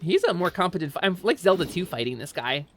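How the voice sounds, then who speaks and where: A woman streamer talks through a live gaming session, bubbly and giggly, wandering from thought to thought. Her pitch leaps up and down in lively swings. Faint music plays softly behind her. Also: quick pace. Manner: excitable, giggly, rambling. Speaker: VTuber streamer. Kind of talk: casual live-stream chat while gaming.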